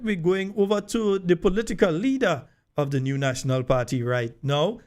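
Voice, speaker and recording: A man's voice: sits high, normal speed, a little mellow. A man hosting a live radio talk show, chatty and loose with many fillers. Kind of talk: casual live radio chat.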